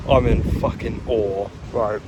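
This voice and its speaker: Walking through city streets at night, a young man vlogs to his viewers, drunk and tired, swearing and ranting as he grumbles. His voice is lowish, with a steady tone and an unhurried delivery. Traffic and street noise fill the background.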